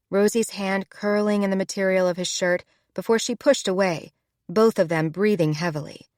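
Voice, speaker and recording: A woman narrating a romance audiobook in a smooth, measured reading. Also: medium pitch, a little mellow, no echo, clean studio sound. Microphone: close studio mic.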